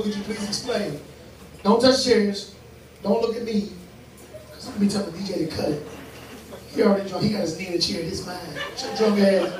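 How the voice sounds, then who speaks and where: High-voiced D.C. man hosting a rowdy crowd. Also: distant mic. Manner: loud, teasing, profane banter with laughter. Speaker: comedy show host running a crowd game. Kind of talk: live crowd-work hosting. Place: live event venue with an audience. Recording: echoey venue recorded from afar, loud crowd.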